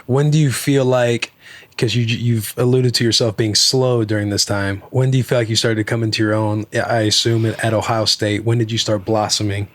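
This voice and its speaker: Chill guy hosting a podcast, swears casually, lowish voice. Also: fairly even intonation, a little fast, no room sound. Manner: laid-back with casual swearing. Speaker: host.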